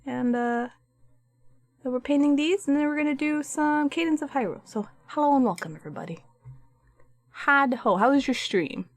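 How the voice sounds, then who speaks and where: A woman's voice: high-pitched, normal speed. A woman streaming her art, chatting casually and a bit sassily with her viewers while she paints. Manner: chatty, sassy, talks to chat.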